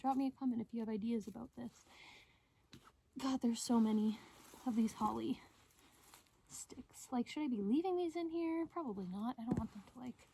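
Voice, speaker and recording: A woman's voice: a little high, normal speed, vocal fry, long pauses, warm tone, slight background noise. A woman vlogging outdoors in a wooded yard, chatting casually and thinking aloud, unsure of her plans. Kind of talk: casual vlog walkthrough.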